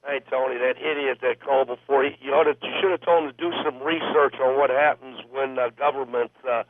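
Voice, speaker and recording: A man's voice: medium pitch, steady tone, fairly quick, no echo. A man from Illinois calling into a talk radio show, talking bluntly with hesitant fillers. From Illinois, USA. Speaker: caller. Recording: tinny phone line.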